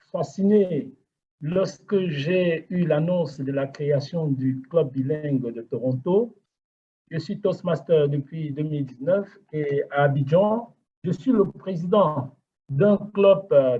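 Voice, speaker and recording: A man introduces himself formally on an online call. His voice is slightly husky and sits a little high for a man, and he speaks earnestly. The call audio sounds muffled. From Côte d'Ivoire. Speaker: club president and guest. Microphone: video call.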